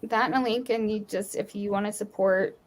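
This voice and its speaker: A woman's voice: medium pitch, fairly even intonation, brisk. A woman co-hosting a casual live-stream chat, talking in a matter-of-fact, persuading way. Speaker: co-host.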